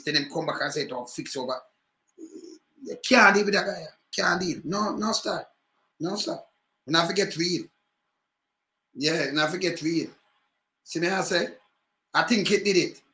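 High bright Jamaican man ranting. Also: moderate pace, echoey room. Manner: animated patois ranting, repeated rhetorical questions. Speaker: commentator. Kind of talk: livestream political commentary.

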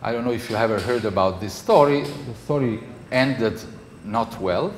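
A male university professor with an Italian accent lectures to a class in a conversational style, checking in with students often. His voice is mid-range and moderately paced, recorded in an echoey lecture hall with faint noise.

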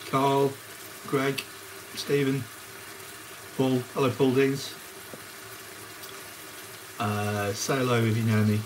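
A man's voice: mid-range voice, little pitch movement, slow pace, long pauses, background noise. A man hosting a live cooking stream, chatting casually and greeting viewers by name as he cooks. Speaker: cooking livestream host. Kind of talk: casual live cookalong chat. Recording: frying sizzle behind the voice. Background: onions sizzling in a pan.

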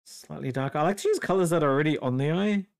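An artist with an Australian accent chats on a livestream while drawing, with a voice of middling pitch. The talk is loose and friendly, jumping up in excitement when reading viewers' messages and dropping to low muttering while working. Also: racing. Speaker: artist streaming a drawing session. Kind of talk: casual livestream chat.

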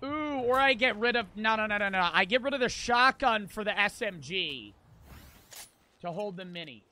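Young guy streaming, bright sharp voice, swears a lot, rambles on while he plays. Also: sits high, lively intonation, normal speed. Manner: rambling, profane, trash-talking. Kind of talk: casual storytelling while gaming.

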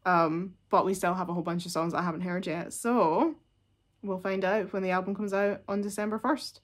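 A woman's voice: on the low side, fairly even intonation, brisk. A woman, chatting casually and gushingly as a music reaction vlogger, with lots of fillers.

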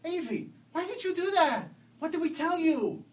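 A man's voice: high-pitched, expressive, brisk, dark tone, far from the mic, poor audio. A man doing a worried, soothing mother. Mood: anxious. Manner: soothing yet urgent. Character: worried, tender mother, adult woman.

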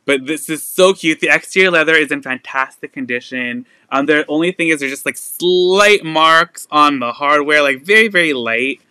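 A young man chatting away as he hosts a live sale stream, his voice bright and forward. The tone is smooth and clean, recorded dry and close with no room sound. He rambles easily, full of fillers and little laughs. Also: a little high, normal speed, hardly any pauses, dry recording. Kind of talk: casual live-stream chat.

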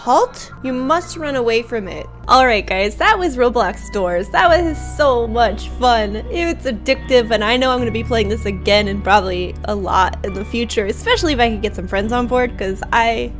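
A woman's voice: fairly high pitch, normal speed, few pauses. A woman giving jumpy, exclamatory commentary while playing a horror game, gasping and reacting aloud. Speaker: gaming YouTuber. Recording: faint game music behind.

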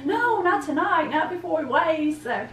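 A woman telling family stories casually to camera, chatty and quick to laugh. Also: extremely high pitch, animated, fairly bright tone. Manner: chatty storyteller, laughs easily. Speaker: homestead vlogger. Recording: echoey room, mic at a distance.

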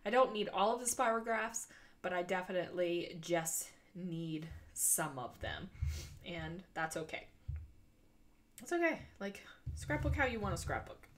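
A woman's voice: fairly low pitch, animated, moderate pace. A woman in her forties, congested and breathing through her mouth, narrating a casual crafting voice-over in a chatty, rambling way with frequent ums. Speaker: scrapbooking video host.

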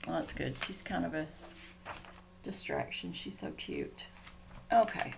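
Slow, gravelly-voiced woman vlogging at home. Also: low-pitched, huge pitch swings, noisy background. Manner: rambling, easily sidetracked. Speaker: Christian vlogger. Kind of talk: casual home vlog. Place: home room.

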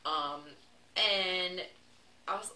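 A young Southern woman with a low voice chats and laughs through a story as she bakes. She is heard from some distance in an echoey room, with clear noise behind her. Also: drawn-out words, sharp tone. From Texas. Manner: chatty, laughing, playful asides. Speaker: vlog host. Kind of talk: casual storytelling while baking.

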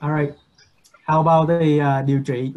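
A man teaching medical English in an online class, patiently repeating words slowly and switching languages. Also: on the high side, little pitch movement, darkish tone, dull audio, slight background noise.

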